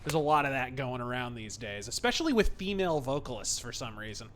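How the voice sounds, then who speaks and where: A man streaming a baseball game, talking sarcastically and swearing, with sudden shouts. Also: medium pitch, animated, fast, slight background noise. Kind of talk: profane live gameplay commentary.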